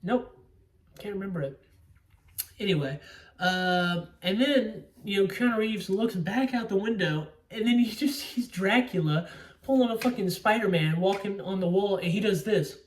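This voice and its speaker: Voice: medium pitch, moderate pace, far from the mic. A young adult movie reviewer chatting casually, rambling, swearing freely and laughing often. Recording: roomy sound, away from the mic.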